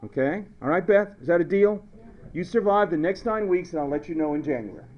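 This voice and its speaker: During a classroom lecture peppered with jokes, a high school chemistry teacher plays around, tells stories and repeats his questions. He speaks in a high, animated voice, a little fast, captured on a muffled recording.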